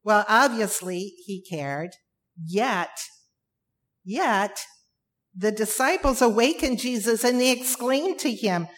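A woman preaching a sermon, emphatic, with dramatic pauses and repeated phrases. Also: mid-range voice, lively intonation.

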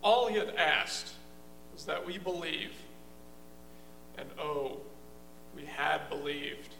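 A man's voice: on the high side, slow, creaky, sharp tone, a little hiss or hum, full character voice. A man playing a bitter, disillusioned male disciple in a church drama, in an echoey hall.

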